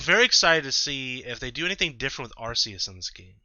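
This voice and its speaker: Rambling guy doing a game playthrough, bright tense voice, dry sound. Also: medium pitch, very animated, fast, hardly any pauses, no echo. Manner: rambling, self-correcting, chatty. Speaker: let's-play host. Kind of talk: casual gameplay commentary. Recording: slightly dull lo-fi mic.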